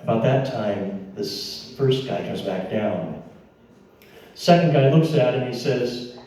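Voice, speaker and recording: A man's voice: mid-range voice, lively intonation, slow pace, warm tone. A man telling an audience a dramatic personal story, acting out the dialogue and talking straight to the listeners. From American Midwest. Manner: dramatic retelling with quoted dialogue and asides. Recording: echoey room, voice from far off.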